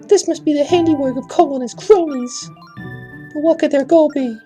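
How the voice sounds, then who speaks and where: A man doing a young ghost princess in a soaring, airy falsetto that pleads earnestly for help. The voice sits far above his own dark, mellow tone, with faint music behind it. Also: brisk. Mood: earnest pleading.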